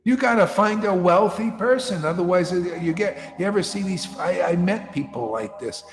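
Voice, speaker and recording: A man's voice: sits high, lively intonation, normal speed. A man giving an informal sermon, telling stories bluntly in street slang and mocking others with put-on voices. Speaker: spiritual teacher. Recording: echoey hall with faint music.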